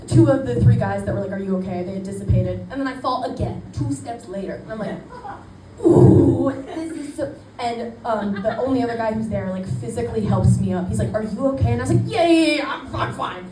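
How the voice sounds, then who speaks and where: Young female stand-up, animated storyteller, echoey noisy room, mic a bit far. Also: medium pitch. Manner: chatty, self-deprecating, animated quoting. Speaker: stand-up comedian. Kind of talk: stand-up set. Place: small club stage. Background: audience laughter.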